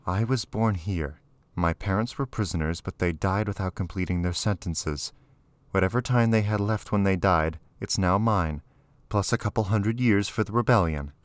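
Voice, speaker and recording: A man reading aloud, voicing a calm, guarded teenage girl raised in a prison camp, speaking matter-of-factly. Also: low voice, normal speed, no echo, lightly acted.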